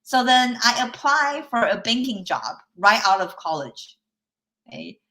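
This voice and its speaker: A woman life coach runs a live online workshop, telling a personal story in a chatty way, often checking in with listeners and laughing lightly between points. Her voice is fairly high and sharp, with big pitch swings and a slightly slow pace.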